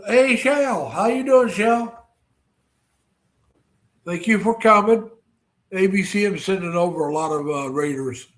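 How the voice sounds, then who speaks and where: A man hosts a casual livestream, rambling along and calling out viewers by name. His voice sits a little high for a man, and his talk is full of fillers and restarts. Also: unhurried, pauses often, fairly bright tone. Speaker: livestream host.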